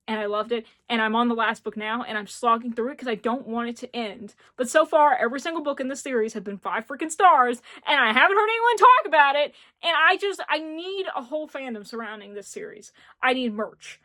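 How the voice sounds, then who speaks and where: A woman in her twenties from rural Tennessee, speaking with an Appalachian accent in a fairly high, somewhat bright voice, gushes in a casual book review chat as a book vlogger. She's enthusiastic and repeats things for emphasis.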